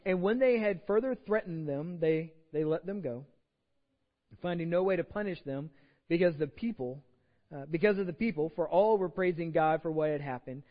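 Texan male pastor, high voice, chatty sermon delivery, dull recording in a reverberant sanctuary. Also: moderate pace. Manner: conversational preaching, reads scripture aloud, repeats words. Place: church sanctuary. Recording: dull sound with long hall reverb.

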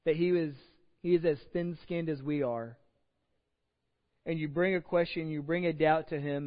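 A man's voice: a little high, moderate pace. A man preaching a sermon as a pastor, conversational and self-deprecating, acting out quotes as he goes. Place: church sanctuary. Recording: dull sound with long hall reverb.

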